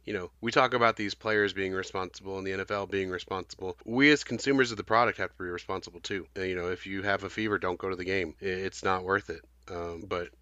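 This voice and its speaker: A man with a bright, crisp, smooth voice talks things through on a podcast, weighing each point and hedging with fillers as he goes. The audio is dry and a little dull, like a lo-fi home recording. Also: low-pitched, steady tone, fast, hardly any pauses, dry recording. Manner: thoughtful, hedging with frequent fillers. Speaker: podcast co-host. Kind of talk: casual podcast discussion.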